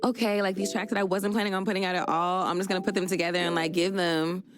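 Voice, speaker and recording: A woman's voice: on the low side, little pitch movement, fast talker. A woman in a casual interview, talking in a rambling, laid-back way with lots of fillers. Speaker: interviewed singer.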